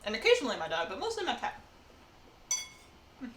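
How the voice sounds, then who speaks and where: Talking fast with huge swings in pitch, a woman with a slightly high, somewhat bright voice live-streams herself baking at home. She rambles casually between asides, and the recording has a roomy echo and faint background noise.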